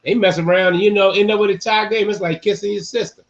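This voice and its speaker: Animated man hosting sports talk. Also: high-pitched, quick pace, lo-fi sound. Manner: animated, repeats phrases for emphasis. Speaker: podcast host.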